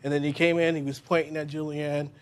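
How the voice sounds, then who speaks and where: A male witness gives a halting, plain account of what he saw in a televised courtroom. A faint hiss sits under his voice. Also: a little high, level tone.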